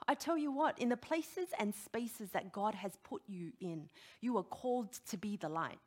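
Animated woman preaching a sermon. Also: medium pitch, normal speed. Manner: animated, emphatic preaching with direct questions to the audience.

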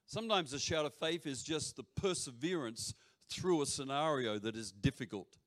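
A man preaching a sermon to a congregation, swinging between loud shouts and quiet near-whispers, with joking asides. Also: medium pitch, expressive, normal speed. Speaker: pastor. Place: church hall before a congregation. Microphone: handheld or stage mic.

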